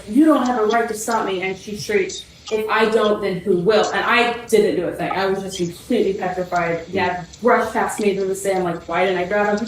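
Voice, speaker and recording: Young woman, roomy and distant. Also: mid-range voice. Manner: rambling, many fillers and restarts. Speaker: guest telling family story. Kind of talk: personal testimony. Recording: roomy, distant from the mic, faint noise.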